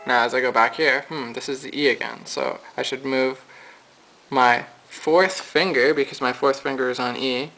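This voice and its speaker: A man teaching a casual piano lesson, talking in a relaxed, low-energy way as he thinks aloud while losing his voice. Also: normal speed, vocal fry, rough recording. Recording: piano playing behind.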